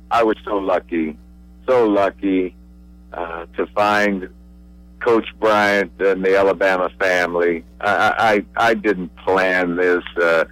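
An older man from Pennsylvania, a radio guest reminiscing, pausing often with uhs and repeated words. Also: lowish voice, fairly bright tone, no room sound, poor audio. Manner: halting, many uhs and repeated I's. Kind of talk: relaxed reminiscing.

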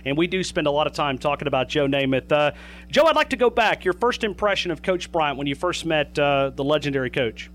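A man's voice: on the high side, expressive, brisk, fairly bright tone. A man hosting a sports radio show, introducing and questioning his guest with some filler uhs.

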